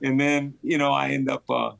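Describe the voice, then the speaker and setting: A man in his fifties with a gravelly, creaky voice recalls his fights as an interview guest, with a lot of animated repetition. His voice sits at a middle pitch and is recorded dry and close, with no room around it. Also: moderate pace, dry recording. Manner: animated storyteller who repeats phrases for emphasis. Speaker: former boxing champion, guest. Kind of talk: casual interview storytelling.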